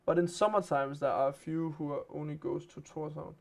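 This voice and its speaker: Pria, aksen Denmark, host siaran langsung, suara agak tinggi, banyak tertawa. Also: male voice, fairly high pitch, steady tone, a little fast, gravelly. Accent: Danish. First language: Danish. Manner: chatty storyteller, laughs often. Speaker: live stream game host. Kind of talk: casual live-stream chat.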